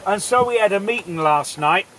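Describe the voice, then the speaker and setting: A man's voice: high voice, lively intonation, moderate pace, bright, forceful tone, a little hiss or hum. Man as a solemn foolish villager. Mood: earnest. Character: earnest foolish villager punishing a fish.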